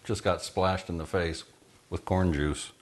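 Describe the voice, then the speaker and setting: A man's voice: low voice, fairly even intonation, measured pace, soft background music, low-quality recording. A man from Texas cooking in his home kitchen, chatting in a folksy, joking way as he demonstrates a recipe. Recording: bacon sizzling and frying in the kitchen.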